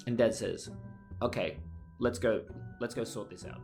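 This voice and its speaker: A man co-hosting a podcast, telling family stories in a casual, animated way and laughing often. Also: on the low side, unhurried, soft background music. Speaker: podcast co-host. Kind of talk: casual storytelling chat.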